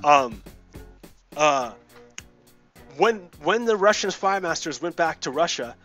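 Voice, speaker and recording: A man's voice: fairly high pitch, expressive, measured pace, pauses often, bright, forceful tone, soft background music. Heated, swearing man ranting over gameplay. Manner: heated, profane, repeats himself. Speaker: let's play host. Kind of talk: casual political rant while gaming.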